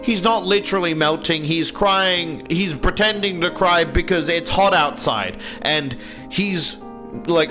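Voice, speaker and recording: A man's voice: fairly high pitch, a little slow, over music. An Australian man casually retelling a book's story, indignant and swearing, with lots of fillers. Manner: indignant, swears a lot, many "like"s. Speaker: YouTuber retelling a book.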